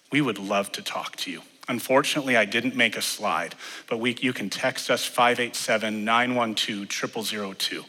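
Bright-voiced preacher in a reverberant church. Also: male voice, lowish voice. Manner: earnest preaching that swells and drops. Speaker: pastor. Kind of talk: sermon. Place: church sanctuary. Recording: long hall reverb in a church.

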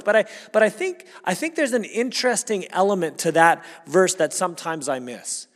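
A male pastor delivers a sermon in an easy, conversational way, circling back over his words as he thinks aloud. His voice sits a little high for a man, and it rings out with a long reverb through the sanctuary. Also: lively intonation, brisk, hardly any pauses. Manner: earnest, conversational preaching with repeated restarts. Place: church sanctuary.

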